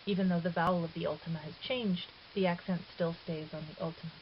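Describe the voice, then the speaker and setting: A woman's voice: lowish voice, steady tone, fast. A woman teaching Greek in a recorded lecture, patient and methodical, with the odd filler and self-correction. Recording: dull lo-fi recording with faint hiss.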